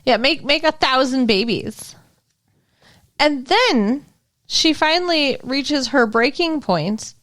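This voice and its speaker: A woman's voice: high voice, expressive, slow pace, fairly bright tone, no echo, studio quality. A woman co-hosting a podcast, chatting casually and laughing as she retells a TV episode. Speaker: podcast co-host. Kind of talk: casual chat recapping a TV episode.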